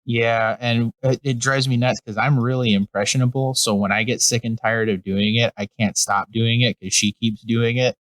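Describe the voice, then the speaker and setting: A man's voice: medium pitch, steady tone, normal speed, few pauses, a bit bright, no room sound, poor audio. A young man co-hosting a comedy podcast, chatting casually, rambling and swearing freely with frequent laughs. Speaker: podcast co-host.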